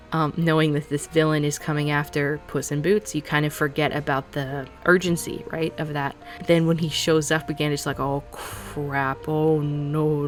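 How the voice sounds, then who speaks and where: A woman casually reviewing a film for her channel, rambling and correcting herself as she goes, with little laughs and hedges. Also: low-pitched. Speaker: movie review vlogger.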